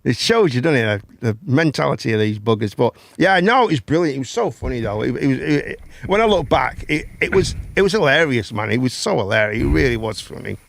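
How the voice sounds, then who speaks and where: A man's voice: medium pitch, sing-song, fast talker, creaky, hardly any pauses, a bit bright. A man, hosting a casual chat and telling a long story, rambling, swearing and repeating words. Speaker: host.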